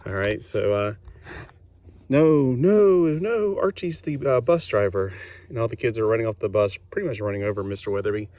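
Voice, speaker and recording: Enthusiastic low-voiced comic reviewer. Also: male voice, normal speed, a little mellow. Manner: chatty and enthusiastic, many fillers. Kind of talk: casual video review.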